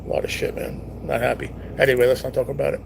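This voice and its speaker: A man's voice: mid-range voice, little pitch movement, fast, creaky, slight background noise. A young man hosting a casual live stream at home, reading viewer comments and chatting in a laid-back, teasing way with plenty of swearing.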